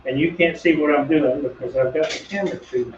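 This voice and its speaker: A man's voice: fairly high pitch, a little fast. A middle-aged man hosting a woodworking video, chatting casually and telling rambling, self-deprecating stories while he works. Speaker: woodworking channel host. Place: home workshop. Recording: distant, echoey, dull workshop audio with faint hum.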